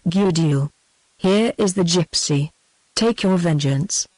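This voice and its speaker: A woman's voice: lowish voice, a little slow, a little mellow, no room sound, poor audio. A synthetic woman's voice as a stern menacing priest. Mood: commanding. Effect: synthetic text-to-speech voice.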